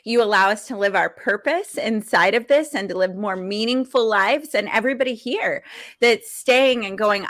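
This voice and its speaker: A woman hosting an online summit on a video call, effusive and quick to laugh and praise. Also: medium pitch, a bit bright. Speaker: event host. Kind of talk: upbeat livestream hosting.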